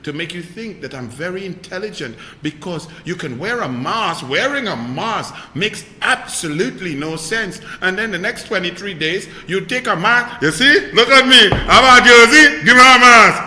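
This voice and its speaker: A man doing a prim woman politician putting on airs, in a mock-posh, affected voice with a lilt. The voice sits high and very bright, cutting and sharp. It bounces around an echoey hall with a long ringing tail. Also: expressive, normal speed, few pauses, a little hiss or hum, heavily acted.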